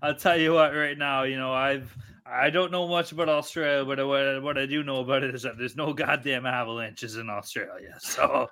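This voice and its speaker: Betting podcast host guy, bright punchy voice, rattles off odds, teases the others. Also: mid-range voice, fairly even intonation. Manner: teasing, reads odds briskly, swears casually. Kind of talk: casual betting podcast hosting.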